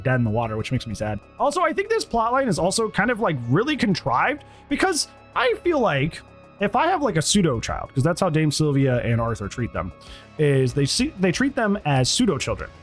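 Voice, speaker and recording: A man giving a casual, rambling review of a TV episode, animated and acting out bits of dialogue. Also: fairly high pitch, fairly quick, soft background music. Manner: animated, rambling, acts out quotes. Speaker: TV show reviewer.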